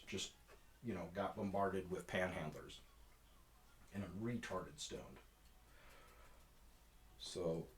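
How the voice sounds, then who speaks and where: Casual male storyteller, very low voice, rambling and swearing. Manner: rambling, profane, laid-back.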